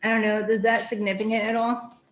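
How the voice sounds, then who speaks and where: A woman's voice: fairly high pitch, flat delivery, a little fast. A woman hosting a live tarot reading stream, talking casually and rambling with lots of fillers. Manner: chatty, rambling, many fillers. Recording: echoey room.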